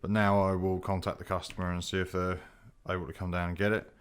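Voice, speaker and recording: A man's voice: low voice, level tone, quick pace, clean tone. A tired man talking casually to the camera while doing leatherwork, muttering to himself as he works. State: tired after a long week. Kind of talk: casual workshop vlog narration.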